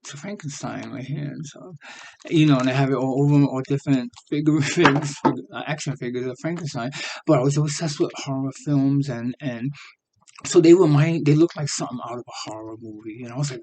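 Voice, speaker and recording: A man's voice: medium pitch, fairly quick, rough recording. A man, recounting his youth in a loose, rambling way. His voice sits in a plain middle range. He chuckles often as he talks. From New York City. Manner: rambling and animated, laughs often mid-sentence. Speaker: storyteller. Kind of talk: casual personal storytelling.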